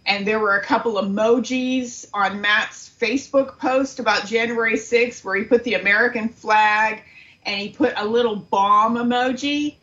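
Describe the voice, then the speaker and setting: A middle-aged woman speaks with a slightly high voice, earnest and grief-stricken, her words halting as she tells a painful story. The audio sounds dull and lo-fi. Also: a bit bright. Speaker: guest, aunt of the subject. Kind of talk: emotional interview storytelling.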